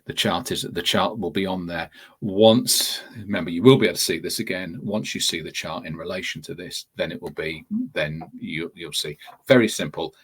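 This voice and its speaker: Man, very low voice, husky, webinar tutor, chatty and self-correcting. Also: a bit bright. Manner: conversational, restarts phrases, addresses viewers directly. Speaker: TEFL course tutor. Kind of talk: webinar explanation.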